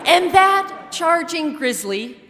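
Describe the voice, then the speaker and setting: Animated woman telling a story on stage. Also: very high voice, slow pace, noisy background. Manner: animated, comic, self-mocking delivery. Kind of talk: live storytelling performance. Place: theater stage before a live audience. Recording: reverberant theater hall.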